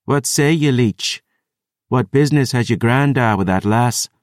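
A man voicing a fierce, sharp-tongued young woman warrior in an audiobook, brash and mocking. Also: medium pitch, measured pace, dry recording, clean studio sound, voice pushed up, lightly acted. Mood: challenging. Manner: brash, mocking, dialect-flavoured.

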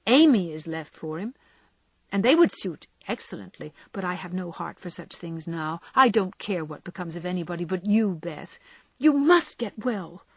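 A woman's voice: lowish voice, lively intonation, moderate pace, husky, dry recording. A woman voicing a headstrong, passionate young woman, speaking with raised, pleading intensity. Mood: impassioned. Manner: impassioned and pleading.

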